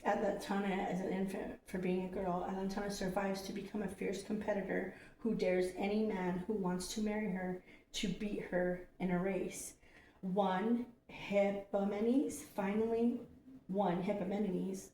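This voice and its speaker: Woman host, casual card reader, mellow tone, chatty and a bit profane, roomy distant sound. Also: medium pitch, flat delivery, measured pace. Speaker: host reading oracle cards. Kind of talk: casual card-reading livestream. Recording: roomy, distant from the mic with faint noise.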